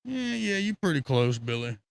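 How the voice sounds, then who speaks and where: Gravelly excitable man. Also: on the high side, normal speed. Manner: profane, excitable, laughs often. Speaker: podcast guest. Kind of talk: casual storytelling.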